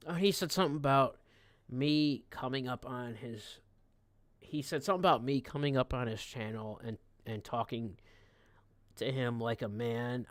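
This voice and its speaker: A man live streaming, giving casual reaction commentary in a mocking, profane, rambling way. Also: medium pitch.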